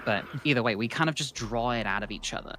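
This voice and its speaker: A man's voice: medium pitch, fast talker, noisy background. A man with a Scottish-tinged English accent, streaming and chatting casually, telling stories animatedly with restarts and swearing. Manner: animated, laughing storyteller with frequent restarts and swearing. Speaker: streamer host. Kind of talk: casual chat.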